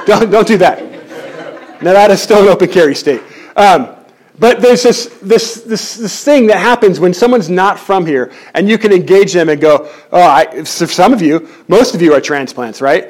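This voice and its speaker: A man preaching a sermon in church, animated and jokey, often restarting his words. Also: sits high. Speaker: pastor.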